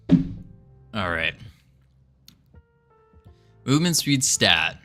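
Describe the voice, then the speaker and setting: Slow-talking man with a bright, tense voice. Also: fairly low pitch, soft background music. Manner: thinks aloud, self-narrating, joking and rambling. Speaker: indie game developer streaming. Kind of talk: casual live-stream chat while coding.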